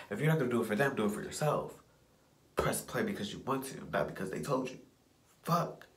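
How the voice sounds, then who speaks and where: A man's voice: medium pitch, a bit bright, echoey room, a little hiss or hum. A young man ranting to himself in a casual vlog, blunt and profane, repeating phrases as he pushes himself on. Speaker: vlogger. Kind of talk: casual self-talk rant.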